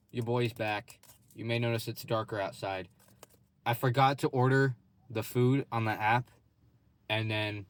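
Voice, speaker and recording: A young man talks straight to his phone from inside a parked car, in a loose and rambling vlog style. His voice sits at an ordinary middle pitch, and his slang runs through every sentence. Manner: slangy and loose, says "bro" and "like" a lot. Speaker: vlogger. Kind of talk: casual rambling vlog chat. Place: parked car in a parking lot.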